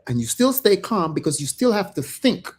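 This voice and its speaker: Animated middle-aged man hosting a stream. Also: high voice, moderate pace, slightly rough. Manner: animated, gets worked up, jumps between loud and soft. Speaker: livestream host. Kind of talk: casual livestream chat.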